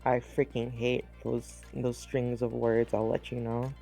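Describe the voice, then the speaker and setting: A man's voice: mid-range voice, little pitch movement, a little slow, gravelly, warm tone. A man co-commentating an esports stream, rambling and joking, over background music. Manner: rambling, jokey, riffing.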